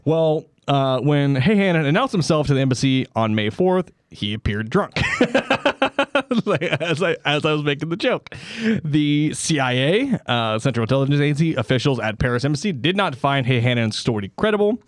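A man's voice: on the high side, expressive, normal speed, no echo, clean studio sound. A man co-hosting a comedy podcast, reading out a history story and breaking into jokey riffs and laughter. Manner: reads history then riffs with jokey put-on voices, laughs often. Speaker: podcast co-host.

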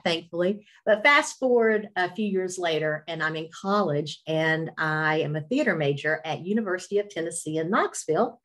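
Middle-aged woman w appalachian southern accent, kinda low voice, self-deprecating storyteller, faith talk, webinar call. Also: fairly bright tone. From Virginia, USA. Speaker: radio host, webinar speaker. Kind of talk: personal testimony talk. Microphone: webinar video call.

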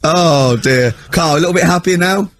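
A man co-hosting a radio show, chatting casually and telling animated stories in which he mimics people. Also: on the high side, moderate pace. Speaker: radio co-host.

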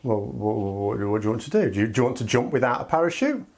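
Brief: man playing a weary, reasoning adult, patient coaxing tone, husky. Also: medium pitch, expressive, fast, darkish tone.

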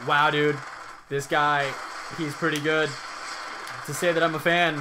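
Over noisy background sound, a young let's play co-host comments casually on a game in an unhurried voice on the high side with little pitch movement. Laughing at his partner, he swears a lot.

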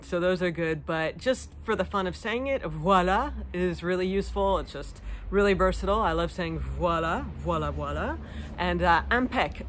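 A woman's voice: fairly low pitch, a bit bright, slight background noise. Chatty American woman vlogger. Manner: chatty, many ums and likes. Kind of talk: casual Q&A vlog.

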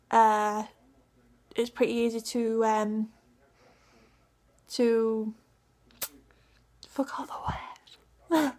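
A young woman from Hull with a Yorkshire accent, chatting in a giggly, rambling vlog. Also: a little high. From Yorkshire, England. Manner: giggly and rambling, many fillers. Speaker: cosplayer and vlogger. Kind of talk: casual vlog chat.

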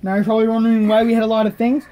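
A man's voice: high-pitched, completely flat delivery, rapid-fire, lo-fi sound. Rambling young male co-host. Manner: rambling, offhand. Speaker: puppet video co-host. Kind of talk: casual chat.

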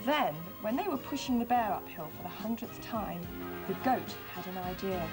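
A woman hosts a children's TV show, reading a storybook aloud and then demonstrating a craft. She's expressive and friendly, speaking at medium pitch and normal speed over music.

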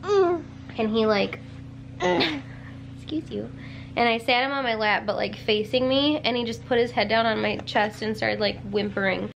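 With a gravelly voice on the high side, steady in tone, this young mom vlogger talks a little fast and hardly pauses. Speaking to her handheld camera in the living room, she's tired, emotional, and rambling, leaning heavily on "like." There's background noise.

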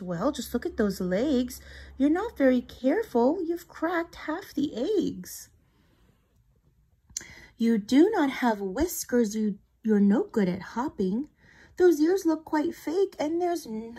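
Give me a squeaky little mouse, as a woman puts him on. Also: big pitch swings, dark tone, husky, exaggerated voice. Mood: squeaky, eager. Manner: squeaky, brisk. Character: helpful little male mouse, bossy but kind.

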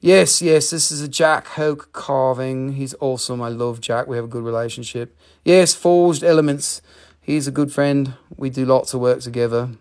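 A man hosting a live crystal sale, talking in an excitable, profane way with sudden jumps in pitch. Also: normal speed. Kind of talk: excited live sales chat.

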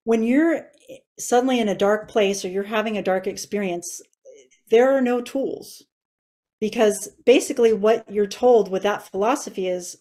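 A woman's voice: medium pitch, a little mellow. A woman in her forties sharing a personal faith testimony in an interview, earnest and emotional. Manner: earnest and emotional, tearful at times.

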